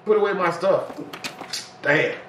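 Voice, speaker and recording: A young man commenting on a horror game he is playing, brash and full of slang, often breaking into yelling. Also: sits high, a little slow, roomy sound, recorded from a distance, a little hiss or hum, poor audio. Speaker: gaming YouTuber.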